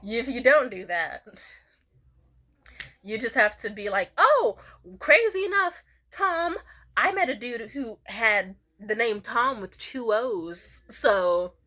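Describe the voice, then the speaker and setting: Speaking slowly, this young woman vlogs a casual storytime full of animation and unfiltered swearing. She slips into high, squeaky voices whenever she quotes someone.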